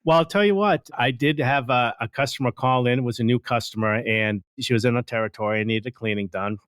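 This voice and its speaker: A man's voice: mid-range voice, fast talker, clear, resonant tone, dry recording, studio quality. A man talking enthusiastically as a guest in a casual podcast interview, telling stories about his business. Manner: enthusiastic, animated storyteller. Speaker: franchise owner, guest.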